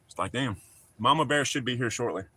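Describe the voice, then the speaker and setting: A man's voice: mid-range voice, animated, brisk, pushed and bright, husky. A middle-aged man, chatting casually and rambling to his livestream viewers. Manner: rambling, folksy, talks to the chat. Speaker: livestream host.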